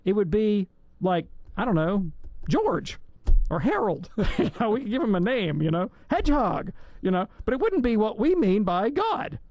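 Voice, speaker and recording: A man's voice: high voice, big pitch swings, normal speed, a little mellow, no room sound, lo-fi sound. A man from Alabama answering listener questions on a call-in radio show, chatty and jokey with rambling digressions. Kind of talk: casual radio Q&A.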